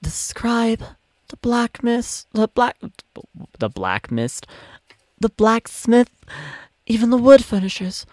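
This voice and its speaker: A tiny, fond mother raven from a story game speaks in a soft, coaxing tone, lifted well above the man who puts her on, and who keeps it motherly and patient. She scolds gently and worries out loud. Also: extremely high pitch, very animated, slow pace, pauses often, no room sound, voice pushed up, exaggerated voice. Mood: gentle concern.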